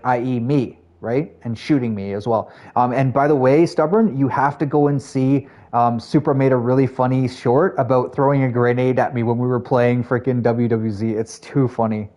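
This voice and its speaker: A man's voice: medium pitch, a little mellow. A man streaming live, chatting casually with his viewers in a rambling way with lots of fillers. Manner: chatty, rambling, talks to chat, frequent fillers.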